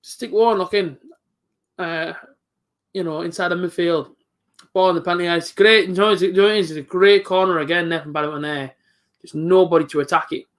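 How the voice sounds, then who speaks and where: This streamer, a young man whose high voice stays steady and brisk, reacts live to a football match. Chatty and visibly frustrated, he keeps answering a friend off-mic.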